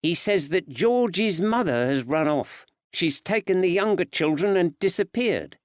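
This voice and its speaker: A man's voice: sits high, expressive, measured pace, dry recording, voice pushed up. A man lifts his voice into a fond, fretful wife from an old-time storybook, earnest and chatty, her tone rising and falling a lot. The recording is dry and a little dull.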